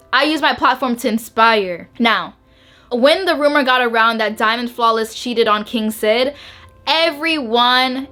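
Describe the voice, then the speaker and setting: A young woman with a fairly high voice tells a personal story straight to her viewers. She is bubbly and emphatic, leaning on repeats and a steady stream of "like". Soft music plays faintly behind her. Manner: bubbly, emphatic, repeats words and says "like" a lot. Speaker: YouTuber. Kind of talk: emotional storytime to camera.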